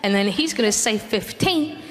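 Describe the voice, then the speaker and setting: A woman's voice: mid-range voice, expressive, moderate pace, fairly bright tone. A middle-aged woman doing stand-up comedy storytelling with a handheld stage mic, wry and mock-indignant, in a comedy club with a live audience. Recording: reverberant live club recording with noise.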